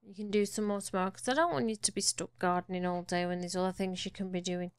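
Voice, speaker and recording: A woman's voice: on the low side, steady tone, quick pace, smooth, no echo. Chatty woman playing a life sim. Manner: chatty, talks fondly to her game characters. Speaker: gaming YouTuber. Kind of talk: casual Let's Play commentary.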